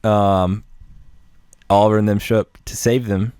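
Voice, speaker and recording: A man co-hosting a podcast, recapping TV scenes in casual chat with quick acted-out bits of dialogue and easy swearing. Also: lowish voice, little pitch movement, a little mellow, clear, resonant tone, dry recording, clean studio sound. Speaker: podcast co-host.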